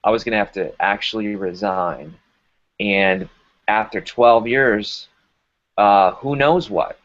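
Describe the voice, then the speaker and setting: A man's voice: fairly low pitch, takes it slowly, highs cut off. A man being interviewed, telling a personal story with energy and acting out the dialogue. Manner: energetic, emphatic storyteller who acts out dialogue. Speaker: guest.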